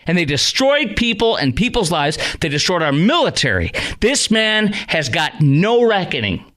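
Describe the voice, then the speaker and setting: A man's voice: sits high, moderate pace. Angry male talk radio host. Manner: rising to angry shouting, then calm. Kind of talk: opinionated talk radio monologue.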